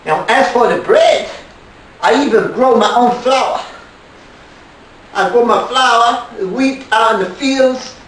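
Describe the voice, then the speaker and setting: A man's voice: very high-pitched, slow pace, pauses often, a bit bright, slight background noise, exaggerated voice. A man playing a foul-mouthed, boastful male chef in a comedy sketch, recorded from far off in an echoey room. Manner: profane, swaggering brag.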